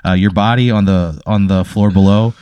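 A man's voice: fairly low pitch, fairly even intonation, normal speed, mellow, clear, resonant tone, no echo. A young man narrating a tabletop game as game master, rambling loosely and often breaking into laughter.

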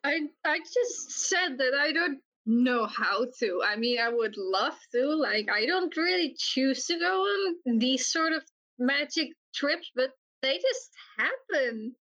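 A woman's voice: high voice, expressive, slow, sharp tone, muffled recording. A woman player in a tabletop game, talking hesitantly and defensively. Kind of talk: casual tabletop game talk.

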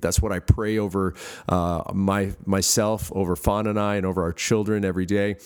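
Middle-aged pastor guy preaching, lowish voice, earnest, lots of uh and restarts. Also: little pitch movement, moderate pace, a little mellow, smooth. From United States. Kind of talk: podcast sermon.

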